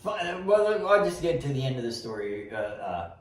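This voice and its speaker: Middle-aged man, folksy rambling storyteller, mid-pitched voice, very echoey room, mic set back. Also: sing-song, moderate pace, distant mic. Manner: rambling, folksy, restarts often. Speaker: interview guest giving testimony. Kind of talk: casual storytelling.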